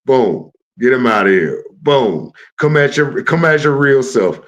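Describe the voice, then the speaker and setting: A man's voice: mid-range voice, very animated, unhurried. A man hosting a live stream, ranting at trolls in a brash, profane and confrontational way. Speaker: livestream host.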